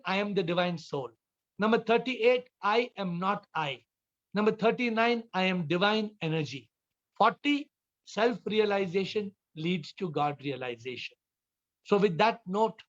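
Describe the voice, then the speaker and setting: A man giving a spiritual talk on a video call, telling stories and acting out the characters in lively voices. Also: sits high. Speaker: spiritual teacher. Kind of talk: Zoom talk with story-telling. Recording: dull lo-fi video call audio.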